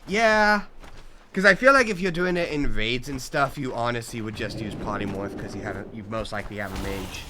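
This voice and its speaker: A man's voice: fairly low pitch, a little fast, hardly any pauses, background noise. A young man chatting casually and joking as he plays a game alongside his mother. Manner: animated, joking. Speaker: gaming co-host. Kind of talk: casual let's play chat.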